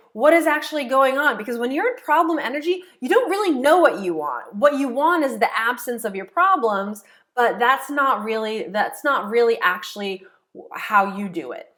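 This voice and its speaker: A woman's voice: a little high, fairly bright tone. A woman coach teaching a self-help method step by step, repeating key phrases and checking in with rhetorical questions. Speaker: law of attraction coach. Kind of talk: explanatory teaching monologue.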